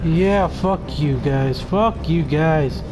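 This is live play commentary from a gamer who curses constantly and bursts into frantic shouts at the game. The medium-pitched voice moves very slowly, competing with loud music.

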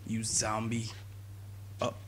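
A young man giving jokey, excitable commentary while playing a video game, talking to his viewers and yelling at enemies. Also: lowish voice, slow, slight background noise. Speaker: gaming YouTuber. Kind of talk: let's play commentary.

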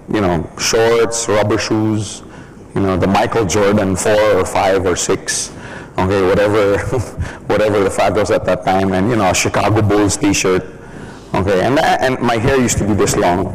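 A man's voice: on the low side, slight background noise, rough recording. A man giving a casual training talk who jokes and laughs often. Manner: casual, joking, laughs often, many "you know". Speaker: business trainer.

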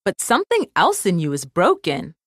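A woman voicing a cheerful young girl who doctors toys, speaking gently and confidently. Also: lowish voice, wildly swooping pitch, normal speed, no echo, studio quality, exaggerated voice.

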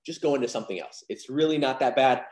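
Talking fast in a medium-pitched, darkish voice, a young magic instructor runs a casual online card-magic lesson, upbeat, confident and heavy on fillers. The room is echoey.

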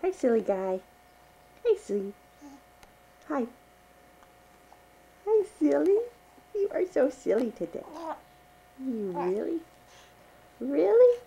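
A woman's voice: fairly high pitch, creaky, warm tone, breathy edge, rough recording. A mother filming her baby at home, talking to him in a cooing, teasing, sing-song baby voice. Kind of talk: baby talk to an infant. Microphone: handheld home video camera.

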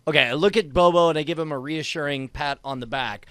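A man's voice: a little high, fast, a bit bright, dry recording. A man playing a tabletop game, stammering and sarcastic as he describes his character's actions. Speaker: player. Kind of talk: tabletop role-play banter.

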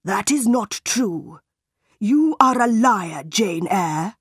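A woman voicing a cruel, stern, tall male schoolmaster in a storybook reading, speaking slowly and solemnly. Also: lowish voice, breathy edge, no room sound, clean studio sound. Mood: accusing. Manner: slow, solemn and threatening.

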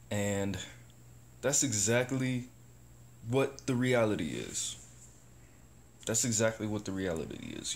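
A man talking to camera in a rambling, profane, casual vlog about positivity. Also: fairly low pitch. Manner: rambling, profane, animated bursts. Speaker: vlogger. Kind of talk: casual self-talk vlog.

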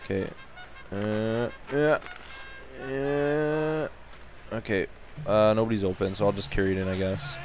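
Excitable young man calling a hockey game. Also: lowish voice, measured pace, long pauses, soft background music. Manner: excitable, jumps from muttering to loud yelling. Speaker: gaming commentator. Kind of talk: casual gameplay commentary.

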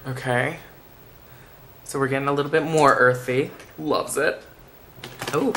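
A man giving a makeup tutorial in a soft-spoken, chatty and playful way. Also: mid-range voice, steady tone, unhurried, a little hiss or hum. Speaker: makeup vlogger.

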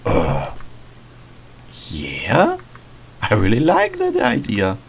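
A man's voice: on the low side, wildly swooping pitch, very slow, gravelly, slight background noise, exaggerated voice, poor audio. A man voicing a timid, earnest little scarecrow boy in a game. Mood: shy. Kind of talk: reading game dialogue aloud in a let's play.

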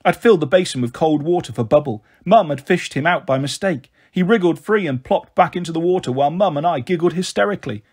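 A man reading a children's novel aloud in a steady, expressive way. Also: on the high side, fast talker, hardly any pauses, slightly rough. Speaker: storyteller. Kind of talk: audiobook reading.

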